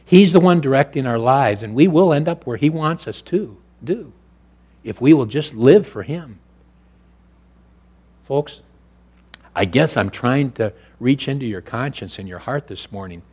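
A male pastor preaching a sermon, swinging between loud, raised preaching and quiet, low, intimate speech. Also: animated, measured pace, breathy edge.

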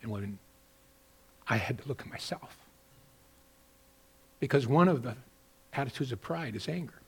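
A man preaching a sermon as a pastor, moving between loud, emphatic exhortation and quieter personal storytelling with repeated words. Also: medium pitch, expressive, moderate pace, breathy edge. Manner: repeats and restarts words when telling a story.

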